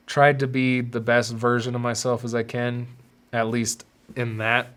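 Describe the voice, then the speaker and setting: A male podcast host talking through his past in a confessional monologue. He pauses and restarts often, and he doubles words as he gathers his thoughts. His voice sits at an ordinary male pitch. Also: flat delivery, a bit bright. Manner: halting, repeats words while searching for them.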